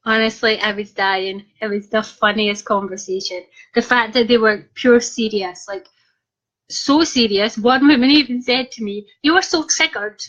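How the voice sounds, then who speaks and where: Over dull, lo-fi sound, a young Scottish vlogger recounts a cheeky story to her audience at normal speed, repeatedly dissolving into giggles and laughter. Her voice sits on the high side, a bit bright, with a steady tone.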